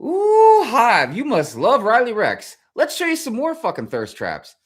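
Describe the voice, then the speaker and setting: A man's voice: very high voice, huge pitch swings, measured pace, husky, pitched above the performer's own voice, exaggerated voice. A man voicing a teasing, gushing video algorithm in a mocking, sing-song way.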